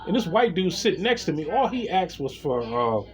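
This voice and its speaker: A man's voice: on the high side, moderate pace. A man speaking a casual monologue to his viewers, telling a story with plenty of swearing and addressing them directly as "y'all". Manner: animated storytelling, swearing freely; talks straight to viewers as "y'all". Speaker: vlogger.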